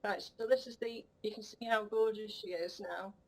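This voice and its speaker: A woman's voice: mid-range voice, fairly even intonation, normal speed, a little hiss or hum, close to an everyday voice, poor audio. A woman voicing a vain, cheeky female cat who rambles rudely and admires herself. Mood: cocky rambling. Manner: rambling, rude, self-admiring, giggly. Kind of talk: comic puppet-style monologue.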